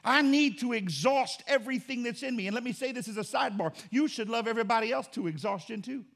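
A man preaching a sermon as pastor, emphatic and repetitive in cadence, swinging between loud and quiet. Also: extremely high pitch, quick pace, vocal fry. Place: church.

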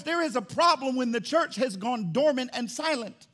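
Loud, high-pitched preaching pastor. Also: male voice, sing-song, normal speed, few pauses. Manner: loud, swinging between shouting and hushed. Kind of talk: sermon. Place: church sanctuary.

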